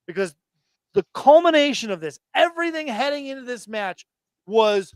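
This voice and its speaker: Man, thirties, high-pitched, dry recording, excited profane wrestling chat. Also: normal speed, smooth, dry recording. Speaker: podcast co-host.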